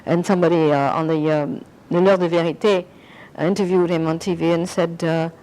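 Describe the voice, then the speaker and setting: A woman's voice: on the low side, fairly even intonation, fairly quick, dark tone, poor audio. An older woman being interviewed, reminiscing in a rambling way and slipping into French phrases. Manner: rambling, anecdotal, slips into French.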